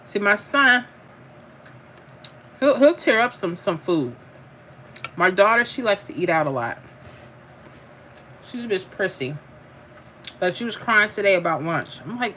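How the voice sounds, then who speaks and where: A woman's voice: medium pitch, very animated, slow, pauses often, pushed and bright, slight background noise. A middle-aged woman, chatting casually while she eats on a home livestream and reads out viewer comments, laughing and calling people "honey". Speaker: livestream host.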